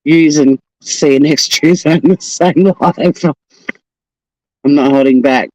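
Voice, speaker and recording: Australian man, fairly high voice, dry close sound, profane joking live-stream chat on the coast. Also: takes it slowly, darkish tone, dry recording, rough recording. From Tasmania, Australia. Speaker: livestream host. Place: outdoors on a coast.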